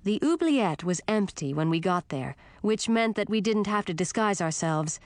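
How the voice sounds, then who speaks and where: A woman's voice: mid-range voice, expressive, moderate pace, a little mellow, no echo. Woman narrating a fantasy audiobook, dry. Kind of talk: first-person fantasy narration.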